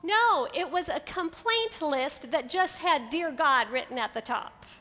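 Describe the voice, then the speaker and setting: A woman giving a sermon to a room of women, lively and playful, acting out everyday inner voices. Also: high voice, unhurried, long reverb tail. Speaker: women's ministry speaker. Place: hall with an audience.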